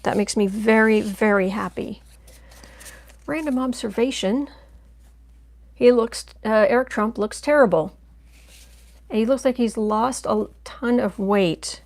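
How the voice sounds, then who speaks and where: Woman, higher voice with gravel, rambling live-stream tarot host, casual chat. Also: slow pace, pauses often. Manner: chatty, rambling, coos softly to her cat. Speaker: tarot reader, channel host.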